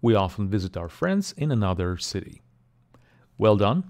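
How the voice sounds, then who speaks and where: Man slowly teaching pronunciation. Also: lowish voice, big pitch swings, darkish tone. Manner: slow, deliberate syllable-by-syllable demonstrations. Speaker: language teacher. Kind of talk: pronunciation lesson.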